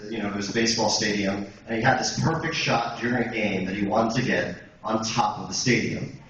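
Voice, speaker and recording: In a college auditorium, a young guest speaker tells a long, rambling story full of fillers and restarts. His voice is fairly low, steady, and fairly bright, and he talks fairly quickly. The echoey hall makes the sound distant and dull, with faint background noise.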